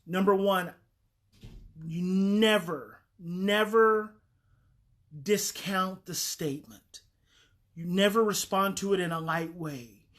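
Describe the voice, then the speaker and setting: A woman's voice: fairly low pitch, unhurried, fairly bright tone. A woman talking earnestly and emphatically as a parenting advice host, repeating key phrases for weight.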